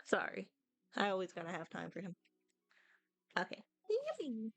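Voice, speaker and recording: Chatty gravelly-voiced woman streamer. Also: on the low side, level tone, moderate pace, fairly bright tone, no room sound. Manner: chatty, self-deprecating, laughs and stumbles over words. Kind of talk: casual game-stream commentary.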